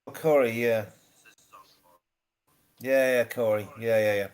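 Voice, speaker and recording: A man's voice: medium pitch, steady tone, slow. A British man on a live stream, chatting casually and agreeably, often stalling with fillers and restarts. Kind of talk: casual chat.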